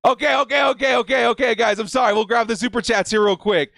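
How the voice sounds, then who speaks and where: A man hosting a live-stream watch party, over-excited, shouting and repeating himself, breathless and shaking with excitement. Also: very high voice, brisk, creaky, few pauses, dry recording, studio quality.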